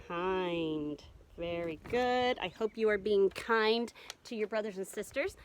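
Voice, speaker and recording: A woman's voice: medium pitch, slow, a little hiss or hum. A woman teaching a remote reading lesson to first graders, patient and encouraging as she sounds out words.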